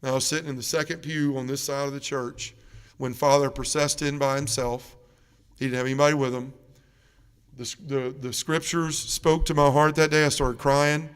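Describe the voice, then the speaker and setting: Middle-aged man, earnest church testimony, acts out other people's lines; smooth, resonant voice, long church reverb. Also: mid-range voice, flat delivery, normal speed. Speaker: parish mission speaker giving testimony. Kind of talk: testimony talk to a church congregation. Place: large church.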